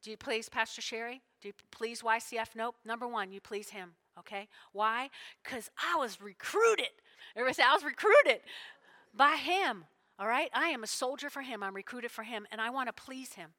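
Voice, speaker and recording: A woman's voice: a little high, bright, forceful tone. A woman pastor preaching a sermon, emotional and full of call-and-response with her congregation.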